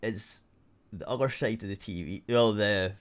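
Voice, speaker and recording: A man's voice: fairly low pitch, normal speed. A Scottish man hosting a radio show, rambling through a story in casual chat and swearing freely.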